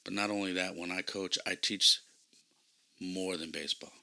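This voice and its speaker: A man's voice: low-pitched, fairly even intonation, normal speed, creaky, sharp tone. A man hosting a podcast and reflecting earnestly on his coaching, telling a personal story. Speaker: podcast host and youth baseball coach.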